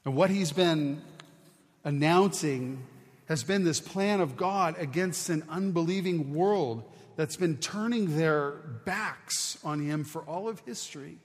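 A man's voice: on the high side, slow, long reverb tail. A man preaching a sermon as a pastor, teaching in an earnest, conversational way with frequent restarts.

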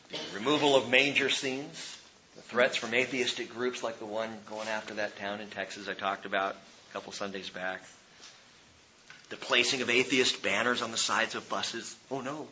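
A man preaching from the pulpit with a bright, forceful voice and an earnest, urging manner. He pokes fun at himself between points. The recording is dull and lo-fi, with a faint hiss underneath. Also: medium pitch. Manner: earnest, exhorting, self-deprecating with laughs. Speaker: pastor. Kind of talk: sermon. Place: church sanctuary.

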